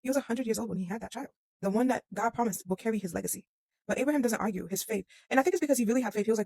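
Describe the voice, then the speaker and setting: A young adult speaker walks through Bible stories at a breakneck clip, tossing in casual slang and quick voiced asides. The delivery is loose and conversational rather than preachy. The sound is dry and close, with no room echo. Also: medium pitch, creaky, darkish tone, husky. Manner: chatty, slangy retelling with quoted asides. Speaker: host of a Bible-story series. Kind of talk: casual Bible story explainer.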